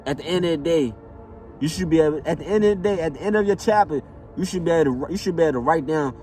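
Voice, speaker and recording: A man's voice: a little high, animated, very fast, warm tone, recorded from a distance, faint music behind. A man giving a casual, emphatic motivational monologue, repeating himself and checking in with "know what I'm saying". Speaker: motivational vlogger.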